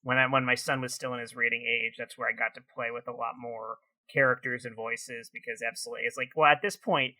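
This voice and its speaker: A man's voice: mid-range voice, flat delivery, fast, few pauses, sharp tone, rough recording. A man co-hosting a comedy podcast, chatting earnestly about reading to his son. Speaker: podcast co-host. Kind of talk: casual comedic chat.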